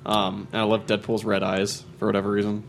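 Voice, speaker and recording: A man's voice: on the low side, monotone, a little fast, gravelly, slight background noise. Laughing, upbeat man chatting. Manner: upbeat, laughs often, playful. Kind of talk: casual chat.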